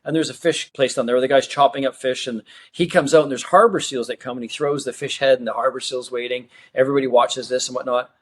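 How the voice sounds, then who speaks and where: A man's voice: mid-range voice, fast talker, few pauses. A middle-aged man from Australia, a magician guest, telling stories in a casual interview and acting out what people said. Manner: animated storyteller who acts out quoted dialogue.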